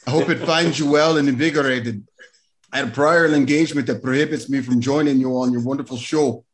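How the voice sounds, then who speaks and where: A man's voice: medium pitch, steady tone, a little fast, natural voice. A man on a video call reading a friend's letter aloud in a hammy, put-on Scottish brogue. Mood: mock-formal.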